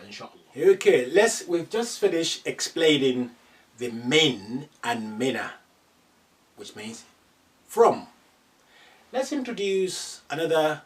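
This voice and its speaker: A man teaches a beginners' language class, drawing out each word and repeating phrases so learners can follow along. His voice sits a little high and swings up and down a lot as he talks. He sounds some way off from the mic. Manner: slow and deliberate, repeating phrases and spelling out sounds. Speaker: Arabic teacher. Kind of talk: classroom lesson. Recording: distant from the mic.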